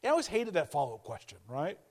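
A man's voice: a little high, huge pitch swings, racing, a little mellow. A male pastor preaching a sermon in a conversational way, repeating key phrases and acting out quoted voices.

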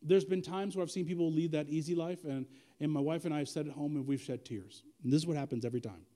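Casting: male pastor, high and expressive, mellow tone, chatty sermon full of slang and direct questions. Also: fast talker. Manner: animated and conversational, with slang and direct questions to the congregation.

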